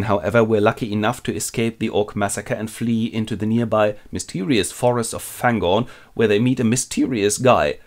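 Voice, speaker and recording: A man with a German accent telling a fantasy epic as a quick comic retelling, narrating and jumping into character voices. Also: fairly even intonation. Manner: playful, switches into squeaky voices for characters.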